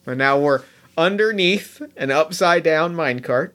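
A man's voice: a little high, a little slow, fairly bright tone. A man playing a tabletop game, thinking aloud and restarting as he describes his moves. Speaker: player.

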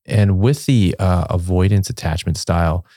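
A man hosting a podcast who asks his guest questions in a soft, appreciative way and laughs along with her. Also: low-pitched, normal speed, no room sound, clean studio sound. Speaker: podcast host. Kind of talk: casual interview.

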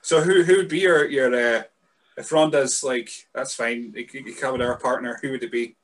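Male podcast host, easygoing, chuckles a lot, middle pitch. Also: steady tone, moderate pace. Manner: laid-back, chuckling, loses his train of thought. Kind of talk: casual sweary chat.

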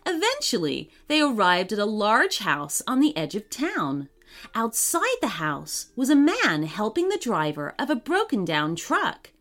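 A woman narrating a children's story in a gentle, expressive reading manner. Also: fairly high pitch, measured pace. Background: faint music.

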